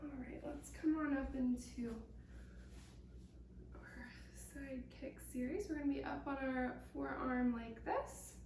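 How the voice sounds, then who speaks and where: Slow, calm woman pilates instructor. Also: high-pitched, a little hiss or hum. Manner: calm, encouraging step-by-step cueing. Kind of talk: guided workout instruction. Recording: echoey room, mic at a distance.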